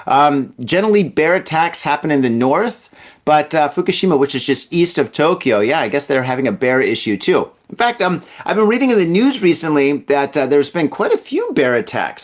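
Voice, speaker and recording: A man hosting a comedy news show, reading stories in a casual, rambling way with joking asides. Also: fairly high pitch. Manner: jokey and rambling, laughs at his own asides.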